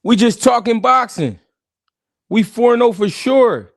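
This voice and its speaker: A man's voice: extremely high pitch, animated, unhurried, gravelly, no echo, studio quality. A man hosting a live stream, chatting casually and animatedly in slang, talking straight to his chat.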